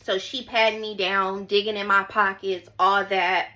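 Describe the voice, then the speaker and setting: A young woman tells her viewers a personal story in a casual, chatty way. Her voice is bright and forceful at an ordinary middle pitch. She leans into the drama, repeats phrases for emphasis and keeps calling her listeners y'all. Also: level tone, a little slow. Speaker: storytime vlogger.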